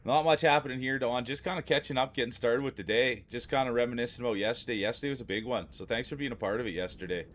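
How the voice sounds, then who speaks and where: A man streaming live from home, chatting casually and warmly with his viewers, greeting them by name and often repeating himself. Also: medium pitch, fast talker, hardly any pauses.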